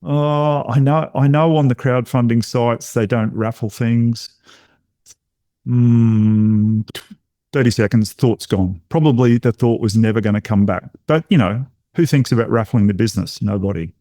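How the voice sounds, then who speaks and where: A middle-aged man, a podcast guest telling a personal story in a lively way and acting out what others said. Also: mid-range voice, measured pace, dry recording, studio quality. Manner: animated storyteller who acts out other people's lines. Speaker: podcast guest, intuition coach.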